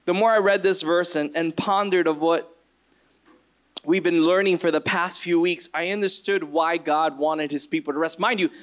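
A man preaching a sermon, retelling scripture and acting out quoted voices with sudden jumps in pitch. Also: steady tone, normal speed. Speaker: pastor.

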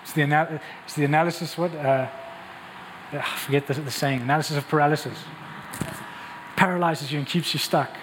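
Preaching in a large church hall, a man uses a fairly high, steady, slightly bright voice, pushing his points with rhetorical questions and rapid restarts. The sermon echoes with long reverb above faint ambience and slight background noise.

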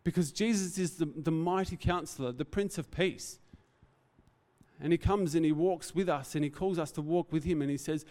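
An earnest man preaches, his voice sitting a little high for a man. He talks in a reflective, heartfelt way and speaks off the cuff. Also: moderate pace, darkish tone, long reverb tail. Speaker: pastor. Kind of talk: sermon.

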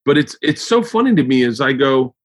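A man's voice: medium pitch, a little fast. Rambling, profane man hosting a podcast. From United States. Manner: rambling, profane, excitable with many restarts. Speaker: podcast host. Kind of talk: casual chat.

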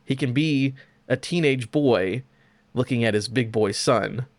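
A young man hosting a podcast, chatting casually about video games in an animated, profane, joking way. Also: medium pitch, measured pace, no echo. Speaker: podcast host.

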